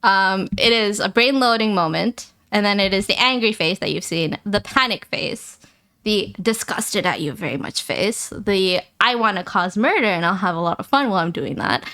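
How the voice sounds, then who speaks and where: A woman hosting a livestream, talking casually with her viewers in a rapid-fire, rambling, playful and teasing way. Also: medium pitch, pushed and bright. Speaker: livestream host.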